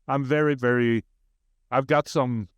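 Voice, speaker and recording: A man's voice: mid-range voice, steady tone, measured pace, smooth, dry recording. A man from Sweden with a Swedish accent, a guest speaking in a humble, earnest way in a casual interview. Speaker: podcast guest.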